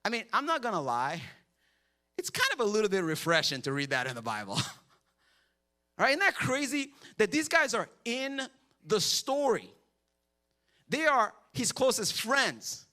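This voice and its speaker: High, bright-voiced joking pastor. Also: male voice, measured pace, pauses often. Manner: humorous, animated storytelling. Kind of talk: sermon. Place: church.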